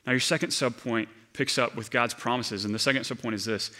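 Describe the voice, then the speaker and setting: Earnest pastor with a bright, forceful voice. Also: male voice, mid-range voice, fairly even intonation. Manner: earnest, slows down to stress key phrases. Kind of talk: sermon.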